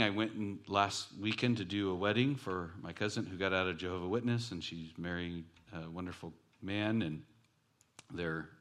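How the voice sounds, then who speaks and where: A man's voice: on the low side, a bit bright. A man preaching a sermon as pastor, telling stories animatedly with self-deprecating jokes.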